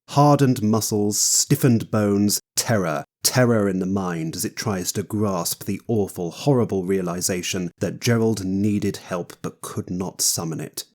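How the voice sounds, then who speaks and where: A man's voice: lowish voice, a little slow, hardly any pauses, a little mellow. A man giving scripted audiobook narration as a wry, theatrical storyteller.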